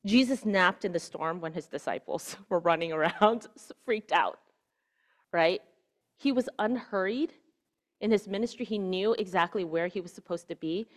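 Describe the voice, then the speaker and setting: A woman giving a conversational sermon. She keeps checking in with "right?" and drops to a hushed voice on key words. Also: fairly low pitch, normal speed. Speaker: preacher.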